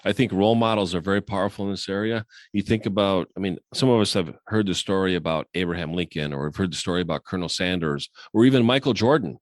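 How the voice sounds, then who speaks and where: A man co-hosting a sales podcast in casual conversation, who acts out quoted dialogue with sharp jumps in pitch. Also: fast talker, hardly any pauses, no echo, clean studio sound. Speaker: sales coach and podcast co-host.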